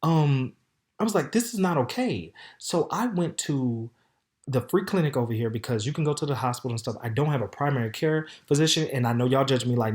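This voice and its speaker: A man hosting a podcast, telling a candid story in a sassy, flamboyant way, with loud outbursts and low mutters. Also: a little fast. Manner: flamboyant, sassy, animated, calls listeners "baby" and "honey". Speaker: podcast host. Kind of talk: casual storytelling monologue.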